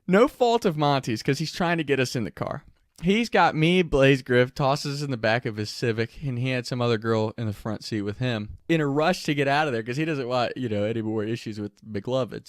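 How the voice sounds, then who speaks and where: Animated, profane male storyteller. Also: mid-range voice, no echo, clean studio sound. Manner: animated and profane, often laughing mid-sentence. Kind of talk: casual storytelling.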